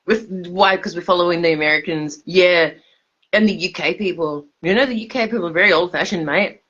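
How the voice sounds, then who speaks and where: Slurring and clearly drunk, an Australian woman chats casually on a livestream, looping back over herself and laughing partway through sentences. Her pitch sits on the low side with a bit of brightness, she talks a little fast, and the audio is dull.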